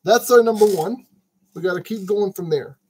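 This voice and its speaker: Sorting parts for a model kit, a crafting channel host chats to himself and pokes fun at himself. His voice is high and darkish at a moderate pace, and the low-quality recording carries slight background noise.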